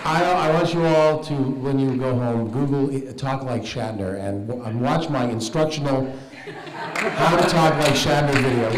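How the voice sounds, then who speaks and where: A man's voice: medium pitch, heavy background noise. Joking male voice actor on a convention panel. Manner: joking, quick and animated. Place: large convention hall. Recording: echoey hall with audience.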